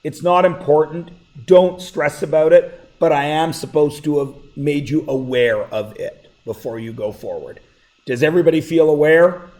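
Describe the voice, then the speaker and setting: A man teaching a high school math class in a classroom, relaxed and jokey, often checking that his students are following. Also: moderate pace. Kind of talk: classroom lecture. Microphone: plugged-in classroom mic.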